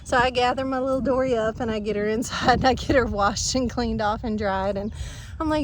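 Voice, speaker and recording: Woman, casual farm vlogger, animated storytelling, slightly high voice, faint outdoor noise. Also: normal speed.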